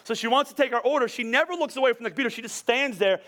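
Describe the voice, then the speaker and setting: High-voiced man preaching a chatty sermon. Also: very fast, a bit bright. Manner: chatty, joking, with frequent laughs and repeated words. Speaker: pastor. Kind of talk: casual conversational sermon.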